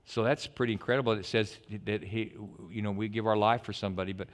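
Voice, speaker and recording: A middle-aged male pastor preaching a sermon in an animated, digressive way, swinging from loud outbursts to hushed stretches. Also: fairly low pitch, quick pace.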